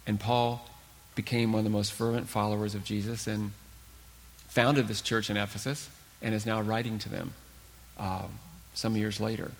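A man preaching a sermon as pastor, earnest and emphatic, with dramatic pauses. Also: on the low side, flat delivery, big-room sound.

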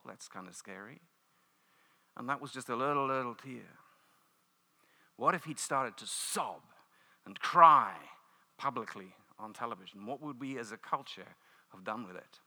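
A British man preaching a sermon, telling stories with lively asides and playful mimicry. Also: mid-range voice, normal speed, long reverb tail. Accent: British English. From United Kingdom. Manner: animated storytelling, mimics cheering crowds.

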